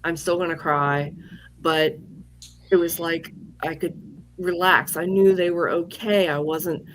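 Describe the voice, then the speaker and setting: A woman's voice: on the low side, fairly even intonation, measured pace, a little hiss or hum, low-quality recording. A woman guest on an interview show, telling a personal story in a candid, rambling way with fillers and restarts. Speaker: guest psychic medium.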